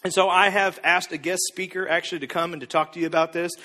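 A man's voice: high-pitched, flat delivery, fast, sharp tone. A man preaching a sermon in a playful, upbeat way, speaking directly to his audience. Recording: reverberant hall.

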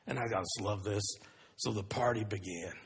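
A man preaching a sermon, retelling stories in an earnest, animated way. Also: fairly low pitch, moderate pace, creaky, slightly rough. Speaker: pastor. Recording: long reverb of a large hall.

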